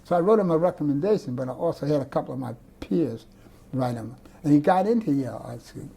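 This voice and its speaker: A man's voice: on the high side, animated, fast talker, vocal fry, dark tone, husky. An older man, an artist, telling rambling stories with many restarts in an oral-history interview, speaking indoors among his artworks. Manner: rambling, digressive storyteller with restarts.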